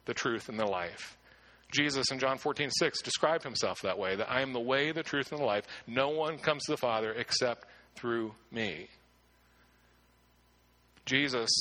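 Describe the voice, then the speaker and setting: A man delivers a sermon with a bright, forceful tone at a middle pitch. He preaches earnestly and emphatically, doubling back on words as he builds his points. The sound is that of a pastor speaking in a church.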